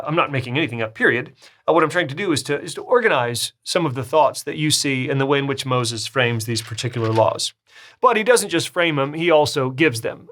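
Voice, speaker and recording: A man teaching a recorded Bible study lecture in a conversational way. He corrects himself mid-sentence and rises in pitch to stress key phrases. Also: a bit bright. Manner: conversational, with restarts and self-corrections; emphatic, rising on key phrases.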